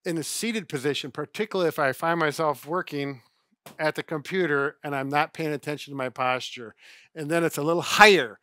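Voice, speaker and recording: Chatty middle-aged male co-host explaining stretches, bright forceful tone, a bit high, dry close sound. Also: a little fast, dry recording. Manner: chatty, self-correcting, demonstrates exercises. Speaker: physical therapist co-host. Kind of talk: casual instructional chat.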